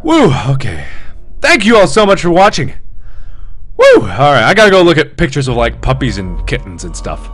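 A man giving live commentary on a horror game, talking to his viewers, swinging between frightened outbursts and hushed muttering. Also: a little high, huge pitch swings, normal speed, soft background music. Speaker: gaming host.

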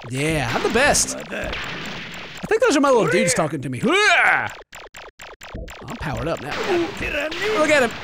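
A man giving jokey, excitable commentary while playing a video game, yelping and laughing at what he sees. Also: very high voice, a little slow, pauses often, noisy background. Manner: jokey, yelps and laughs at the screen. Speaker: video game let's-player.

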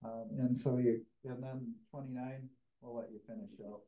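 A man's voice: mid-range voice, little pitch movement, normal speed, narrow, tinny audio. Man leading a casual Bible study. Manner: informal, thinks aloud with fillers and restarts. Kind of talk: conversational Bible teaching. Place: church.

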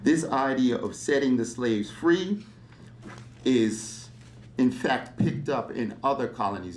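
A male history lecturer speaking at a public talk in a mid-range voice. He is animated and conversational, often breaking in with rhetorical questions to keep his audience engaged. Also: mid-range voice, takes it slowly, slight background noise.

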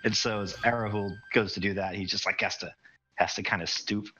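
A man's voice: fairly low pitch, fairly even intonation, a little fast, sharp tone, slight background noise. A man narrating as game master in a tabletop game, rambling with many fillers. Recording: dull lo-fi recording.

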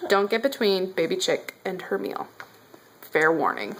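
A woman's voice: fairly low pitch, lively intonation, a little slow, slight background noise. A woman vlogging casually at home about her baby daughter, talking to the camera as a mother. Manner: chatty, coos to her baby. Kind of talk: casual vlog chat.

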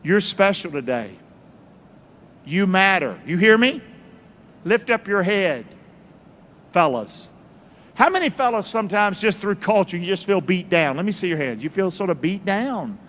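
Middle-aged pastor guy preaching slow, call and response, big echoey church. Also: high-pitched, big pitch swings, a bit bright. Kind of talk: sermon. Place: large church sanctuary.

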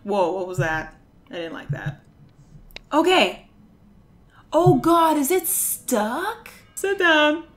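A young woman streamer giving excitable, exclamation-filled commentary while she plays a video game. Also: high voice, slow, long pauses. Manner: excitable, with frequent shrieks and exclamations. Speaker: gaming streamer. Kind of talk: reactive gameplay commentary.

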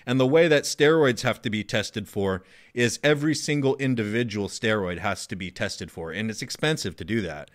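A man hosting a podcast and answering listener questions off the cuff, blunt and profane, with many ums and restarts, getting loud and worked up. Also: lowish voice, moderate pace, no echo, studio quality. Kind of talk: casual monologue.

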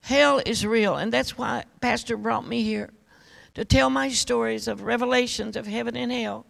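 Older woman preacher, very gravelly voice, fervent and pleading, uses endearments. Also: fairly high pitch, fairly even intonation, moderate pace, poor audio. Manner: fervent, calls listeners honey and baby doll. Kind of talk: sermon.

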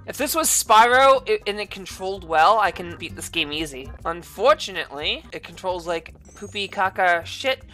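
A woman's voice: mid-range voice, bright, forceful tone. Foul-mouthed woman raging at a game. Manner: swears constantly, swings from mutters to screaming outbursts. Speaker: gaming channel host. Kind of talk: ranting gameplay commentary.

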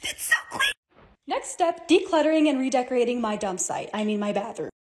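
A woman's voice: fairly high pitch, expressive, a little fast, noisy background. A young woman narrating her own lifestyle vlog with a bubbly, upbeat, self-mocking manner. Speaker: lifestyle creator.

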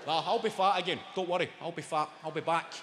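A Scottish man in his thirties doing a stand-up comedy set, sweary and animated as he banters with the crowd. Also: fairly high pitch, quick pace, a little hiss or hum. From Scotland. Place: large theatre stage. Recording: live theatre mic, long hall reverb. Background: audience ambience.

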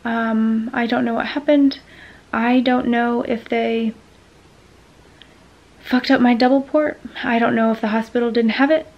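A woman's voice: fairly high pitch, fairly even intonation, unhurried, highs cut off. A woman venting frustration in a casual talking-to-camera vlog, with lots of ums. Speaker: vlogger sharing a medical experience.

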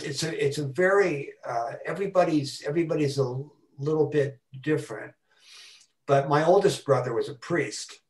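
An older man giving a talk on a video call, speaking haltingly and repeating words as he stutters. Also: mid-range voice, reverberant, distant mic. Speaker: guest speaker.

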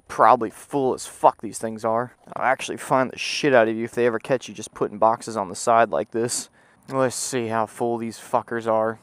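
A man riding a motorcycle and talking through a helmet mic, rambling and cursing, sometimes breaking into loud shouts. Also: medium pitch, fairly even intonation, normal speed, no room sound. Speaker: motorcycle vlogger. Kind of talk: casual ride commentary. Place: on a motorcycle outdoors. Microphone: helmet Bluetooth mic while riding.

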